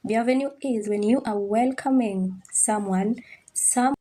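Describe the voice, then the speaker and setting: A woman's voice: on the high side, warm tone. Patient woman teaching French phrases. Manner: patient, drills pronunciation slowly, checks understanding. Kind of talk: online language lesson.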